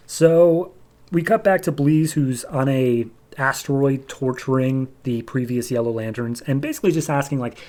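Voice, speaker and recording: A man of middling pitch, chatting his way through a comic book recap in a loose, filler-heavy way. He moves fast from one beat to the next as a podcast host. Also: darkish tone.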